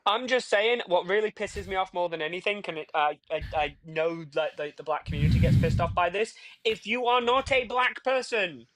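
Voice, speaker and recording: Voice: medium pitch, animated, moderate pace, hardly any pauses, fairly bright tone, a little hiss or hum. A guest on a casual livestream chat, talking bluntly and swearing freely.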